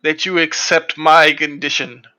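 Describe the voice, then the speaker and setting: A man voicing a cheeky dragon lord who sets a teasing condition, speaking slowly. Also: fairly high pitch, flat delivery, bright, forceful tone. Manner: slow, teasing, deliberate delivery. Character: cheeky male dragon lord haggling terms.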